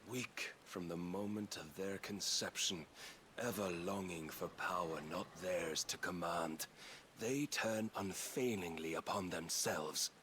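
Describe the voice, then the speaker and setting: Slow, deep godlike villain. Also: male voice, pushed and bright, slight background noise. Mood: contemptuous. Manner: grave, slow, preaching. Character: cold godlike male villain, contemptuous of mankind. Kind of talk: video game voice acting.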